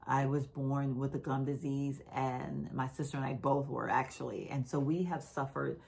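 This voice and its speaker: A woman's voice: very deep voice, little pitch movement, normal speed, creaky, darkish tone. A middle-aged woman with a slight lisp, talking candidly and unhurriedly to her vlog viewers. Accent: Texan. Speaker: vlogger. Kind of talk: casual talk to camera.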